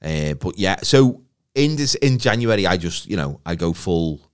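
A man's voice: sits low, very animated, normal speed, clear, resonant tone. A British man co-hosting a casual comedic chat, making sarcastic jokes and swearing. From Britain. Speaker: podcast co-host.

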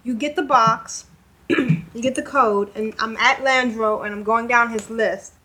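A woman's voice: fairly high pitch, unhurried, sharp tone, rough recording. A woman co-hosting a casual podcast chat, explaining things in a plain, matter-of-fact way. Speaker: podcast co-host.

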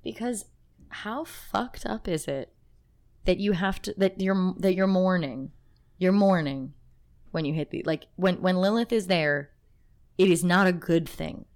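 A woman's voice: fairly low pitch, measured pace, a little mellow. A woman co-hosting a podcast, talking in a casual, emotional and rambling way with many restarts. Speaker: podcast co-host. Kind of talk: casual chat.

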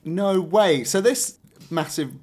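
Playful listener with a lively voice. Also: mid-range voice. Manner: playful, teasing, quick reactions and jokes. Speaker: listener and co-host reacting to the story. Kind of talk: casual chat.

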